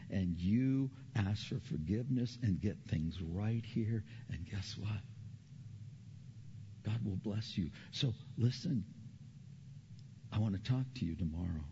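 Earnest gravelly-voiced male pastor preaching. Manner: earnest storytelling, repeats phrases, rises in pitch when animated. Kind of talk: sermon. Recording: slightly dull recording with faint background noise.

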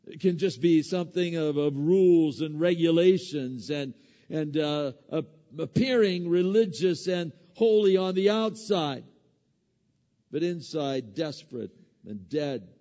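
A man's voice: on the high side, animated, a little slow, dark tone. A man preaching a sermon as a pastor, talking in an easy conversational way with many fillers, restarts and joking asides. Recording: echoey hall, dull lo-fi sound.

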